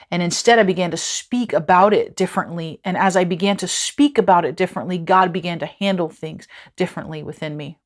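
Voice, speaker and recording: A woman's voice: lowish voice, a little fast, few pauses. A woman teaching a devotional lesson in an earnest, conversational way, repeating phrases for emphasis.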